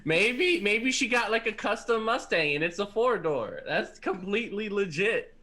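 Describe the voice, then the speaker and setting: A man's voice: high-pitched, lively intonation, normal speed, sharp tone. A man playing in a tabletop game, teasing and playful. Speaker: player.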